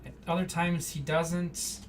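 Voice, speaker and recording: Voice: medium pitch, little pitch movement, measured pace. Rambling live card-break host, a bit off-mic. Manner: rambling, off-the-cuff, chatty asides. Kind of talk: casual live-stream chatter while opening packs. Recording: slightly distant mic, faint background hum.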